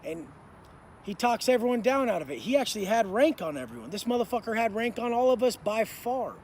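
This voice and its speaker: A man with a fairly high voice tells a story in a blunt, intense way, packed with swearing and street slang. He is recorded outdoors in a city, with faint traffic noise behind him. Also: big pitch swings, a little fast, a little mellow. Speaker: motivational speaker. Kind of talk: storytelling monologue.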